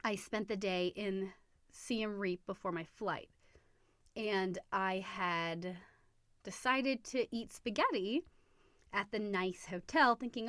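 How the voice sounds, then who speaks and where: A woman's voice: mid-range voice, slow, no room sound. Woman just chatting on her podcast, lots of ums and restarts, dry mic. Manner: chatty, animated, many fillers and restarts. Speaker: podcast host. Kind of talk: casual storytelling.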